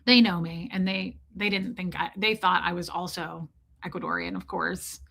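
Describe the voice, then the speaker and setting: A woman hosting a livestream, telling a comic story in a casual, profane, animated way and calling out viewers in the chat by name. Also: fairly low pitch, normal speed, gravelly. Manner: animated, profane, ranting, reads chat names aloud. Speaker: livestream host.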